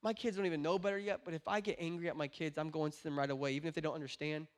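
A young adult man preaching a sermon in church, talking in an earnest way and at times rising into passionate shouting. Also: a little high, fairly even intonation, racing. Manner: builds from quiet earnest talk to passionate shouting. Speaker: pastor.

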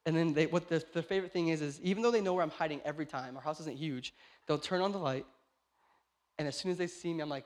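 High-voiced preacher who shouts and hushes. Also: male voice, quick pace. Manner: swings from shouting to hushed, conversational storytelling. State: tired, short on sleep. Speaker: pastor. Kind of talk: sermon.

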